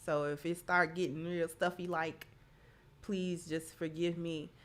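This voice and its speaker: A woman's voice: lowish voice, flat delivery, a little slow. A woman hosting a live stream, chatty and emphatic, thanking viewers by name and sounding stuffy from allergies. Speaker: channel host. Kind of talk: live-stream talk, reading viewer comments.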